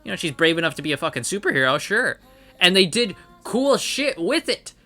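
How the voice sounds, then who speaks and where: A man's voice: high voice, very animated, a little fast, pushed and bright, faint music behind. A man reviewing comics in an angry, profane rant, repeating his points for emphasis. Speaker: comic book commentator. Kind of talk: ranting review.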